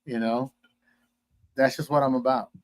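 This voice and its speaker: A man's voice: mid-range voice, steady tone, normal speed, darkish tone, no echo. Earnest DJ man from Texas. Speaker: DJ guest. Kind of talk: casual interview chat.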